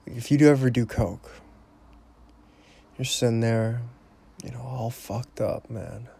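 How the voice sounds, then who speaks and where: A man's voice: medium pitch, steady tone, slow, vocal fry, mellow, breathy edge. A man recapping a movie in a casual, rambling way, blunt and full of swearing. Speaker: movie reviewer.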